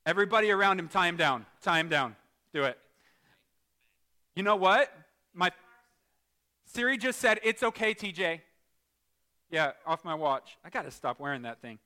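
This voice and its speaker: A man preaching a lively church sermon as pastor, joking with the congregation and swinging from quiet asides to loud exclaims. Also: high voice, moderate pace, long pauses. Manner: animated, jokey, shifts from quiet asides to loud shouts.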